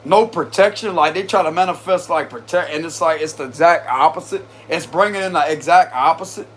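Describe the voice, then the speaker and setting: A man's voice: fairly high pitch, brisk, fairly bright tone, a little hiss or hum. A man giving a casual tarot reading, chatty and slangy, talking straight to his viewers and often breaking into laughter. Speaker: tarot reader.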